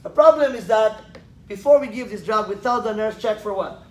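A man's voice: sits high, brisk. A man lecturing a class, quizzing students with questions and joking as he teaches. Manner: joking, laughs at his own jokes. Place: lecture room. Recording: echoey classroom with faint noise.

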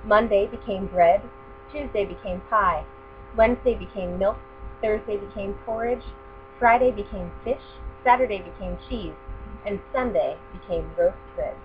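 A woman reads a children's picture book aloud in a steady, expressive manner. The recording is thin and phone-like, with a clear mains hum running underneath. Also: mid-range voice, moderate pace. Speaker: storyteller.

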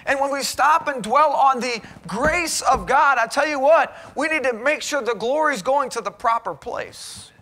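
A man's voice: extremely high pitch, normal speed, few pauses, pushed and bright. A man preaching a sermon in a college chapel, earnest and exhorting, pressing his points with rhetorical questions.

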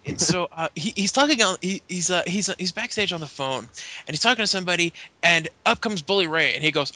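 A Canadian man recapping wrestling on a podcast in a rambling way, slipping into voices for the wrestlers. His voice sits high and sounds bright and forward. The recording is dry and close. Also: fast talker, dry recording. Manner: rambling, acts out wrestlers' lines in character voices. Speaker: podcast co-host. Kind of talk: casual chat, recapping wrestling.

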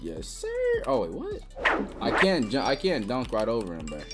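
A young woman giving live gameplay commentary, trash-talking with sudden excited yelps and shouts. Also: extremely low pitch, a little fast, over loud music. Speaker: gaming channel host.

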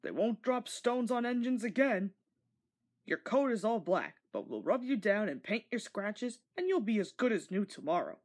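A woman voicing a calm, kindly male engine driver in a storybook read-along, explaining patiently in a slightly breathy voice. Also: medium pitch, normal speed.

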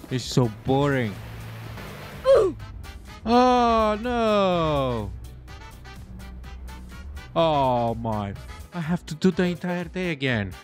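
A man sarcastically commentating a game as he plays, exasperated and swearing freely. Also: mid-range voice. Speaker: gameplay commentator. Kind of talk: let's play commentary.

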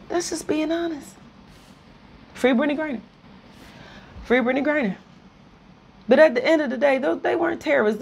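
A woman on a heated political rant, her voice sitting fairly high for a woman. She talks bluntly and with plenty of profanity, hammering on repeated slogans and now and then pushing up toward a shout. She is speaking straight to her viewers. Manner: profane and blunt, with nervous laughs between points. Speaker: video commentator. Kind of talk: impassioned political rant to camera.

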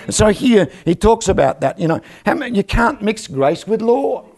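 Older preacher, lively and joking. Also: male voice, high voice, moderate pace, creaky. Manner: animated, joking, calls for amens from the crowd. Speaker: guest preacher. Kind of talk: lively church sermon. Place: church service.

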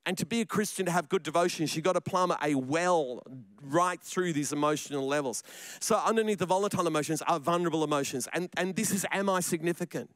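A man's voice: a little high, quick pace, fairly bright tone, no room sound. A man preaching a sermon in church, chatty and joking, often repeating his words. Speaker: pastor.

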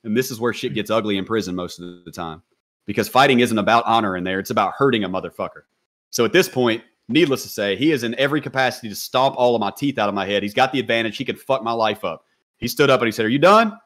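A man guests on a podcast and tells his story at a rapid clip. His talk is loose, full of slang and swearing, and he keeps it animated and casual throughout. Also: lowish voice.

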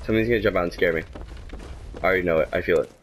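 A young man commentating his gameplay, exasperated and talking back to the game, swinging from mutters to shouts. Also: deep voice, rapid-fire, slight background noise. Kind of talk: let's play commentary.

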